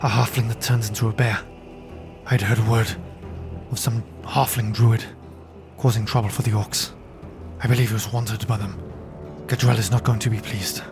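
A man's voice: on the low side, flat delivery, normal speed, music in the background, lightly acted. A man voicing a stern, commanding male cult leader with a grave manner in a tabletop role-playing podcast.

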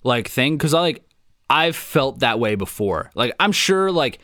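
A man's voice: medium pitch, sing-song, measured pace, pushed and bright, no echo, studio quality. A man chatting casually, reading forum posts aloud with a co-host, laid-back and swearing now and then.

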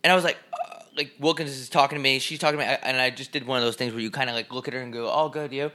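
A young man chats on his podcast, telling stories with a bright, clear tone. He swears freely and jumps his voice up high to act out the people in his anecdotes. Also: racing. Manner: animated storyteller, swears, acts out quotes loudly. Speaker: podcast co-host. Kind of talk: casual storytelling chat.

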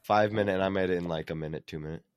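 A man's voice: deep voice, very fast, clean tone, dry recording, clean studio sound. A man in a casual chat, joking and laughing a lot.

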